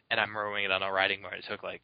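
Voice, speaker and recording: Telling a meandering story packed with fillers and laughs, a man co-hosts a podcast in casual, anecdotal chat. His voice is on the low side, captured in a dull, dry lo-fi recording without room sound.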